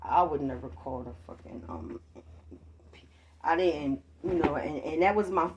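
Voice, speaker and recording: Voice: medium pitch, measured pace, darkish tone, slightly rough, muffled recording. A vlogger recording at home on a handheld phone, talking casually to viewers in a rambling, profane way and calling them y'all. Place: at home, near a street.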